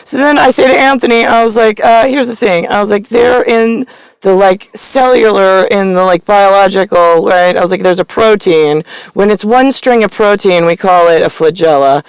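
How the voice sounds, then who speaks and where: A woman talks straight to camera in a rambling, profane monologue. Her voice sits mid-pitch and sounds close and dry, with little room around it. She swings from muttered asides into loud, shouted rants. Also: normal speed, clear, resonant tone, no room sound, rough recording. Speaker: vlogger.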